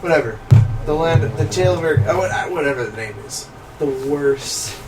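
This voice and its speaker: A young man chatting casually on a movie commentary, an animated storyteller who laughs often and slips into loud impressions. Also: on the high side, fairly quick, loud music behind the voice. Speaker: co-host. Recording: noisy, distant room recording.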